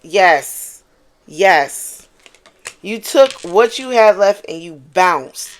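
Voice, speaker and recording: Casting a woman as a tarot reader: casual, animated, swears freely, hammers points by repeating them. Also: on the low side, very slow. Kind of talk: casual channeled tarot reading.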